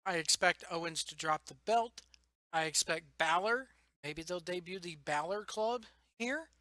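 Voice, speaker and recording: A young man rambling excitedly about wrestling news in a casual vlog, tired late at night and laughing often. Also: high voice, unhurried, dry recording. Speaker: wrestling vlogger. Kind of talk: casual solo commentary.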